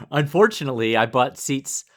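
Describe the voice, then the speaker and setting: A man co-hosting a podcast in casual chat, relaxed and quick to laugh, with lots of fillers. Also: medium pitch. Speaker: podcast co-host.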